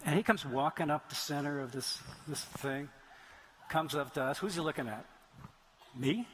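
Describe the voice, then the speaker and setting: A man's voice: on the high side, moderate pace, fairly bright tone, slight background noise, low-quality recording. A middle-aged man, an author on stage at a conference, telling a long anecdote and answering audience questions, wandering into digressions and restarting phrases. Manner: rambling storyteller, frequent restarts and digressions. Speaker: author speaking at a writers' conference. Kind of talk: anecdotal Q&A talk. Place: stage in a large venue.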